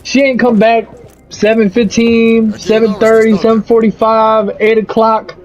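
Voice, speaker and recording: Young male streamer, high-pitched, profane storyteller; lo-fi mic with soft music bed. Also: unhurried. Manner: profane, animated storytelling with quoted voices. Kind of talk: casual rant over gameplay. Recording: slightly muffled, faint music.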